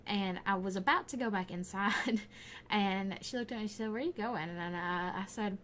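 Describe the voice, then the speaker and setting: A young woman with a Southern Alabama accent, a gaming YouTuber, rambles casually over her gaming video and laughs often. Her mid-range voice is fairly bright at a moderate pace, with a little hiss or hum in the recording.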